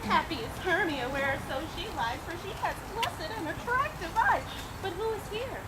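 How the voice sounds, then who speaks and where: A woman's voice: very high-pitched, expressive, normal speed. A woman playing a lovesick, spurned young woman in a stage play, speaking in pleading, emotional verse. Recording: outdoor recording with loud noise.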